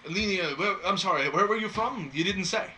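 A man voicing a friendly, effusive tiefling ferry owner who flatters everyone he meets. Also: high voice, a little fast, slight background noise, pitched above the performer's own voice. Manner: flattering, talkative, self-deprecating.

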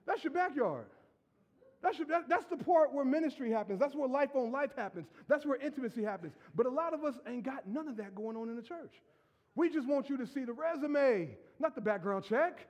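A middle-aged male pastor giving a lively, joking sermon, acting out quotes and shouting at times. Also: very high-pitched, brisk.

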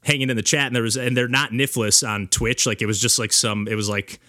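A man's voice: medium pitch, steady tone, fast talker, bright, forceful tone, no echo, studio quality. A man hosting a casual podcast chat, telling stories animatedly with lots of filler words. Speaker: podcast host and streamer.

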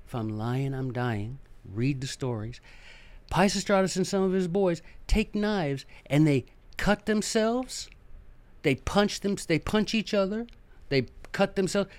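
A man's voice: a little high, animated, slow pace, a little mellow, dry recording. A man hosting a podcast, telling a history story in a casual, chatty way with joking asides and acted-out characters. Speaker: podcast host.

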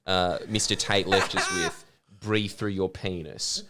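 A man's voice: low voice, steady tone, measured pace, noisy background. Joking man hosting a podcast. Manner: joking, rambling banter. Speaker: podcast host. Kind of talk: casual podcast chat.

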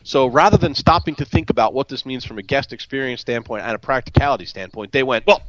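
A man co-hosting a casual group podcast chat, telling a story with lively acted-out quotes. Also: medium pitch, quick pace, no echo. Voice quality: animated storyteller, acts out quoted people. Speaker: podcast co-host. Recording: dull lo-fi podcast audio, dry.

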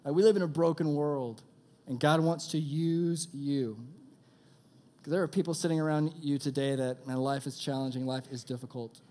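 A young man preaching a sermon in a casual, energetic style, calling out to his audience. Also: a little high, normal speed. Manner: energetic, conversational preaching with audience call-outs. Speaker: youth pastor.

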